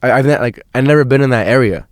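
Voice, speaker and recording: A young male podcast host talks fast at a medium pitch, rambling through a slangy story packed with "dude" and swearing. The recording is studio quality with no echo.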